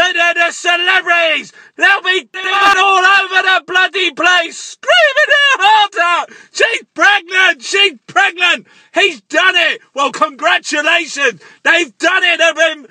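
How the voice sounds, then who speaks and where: A man in a frantic, shouting comic rant, swearing and repeating himself. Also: very high-pitched, no echo.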